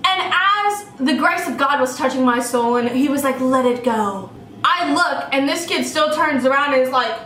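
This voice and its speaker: A young woman telling a profane story in a casual vlog, acting out the dialogue with animated quoted voices. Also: high-pitched, normal speed, hardly any pauses, far from the mic, slight background noise. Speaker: vlogger. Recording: roomy echo, a bit off-mic, faint ambience.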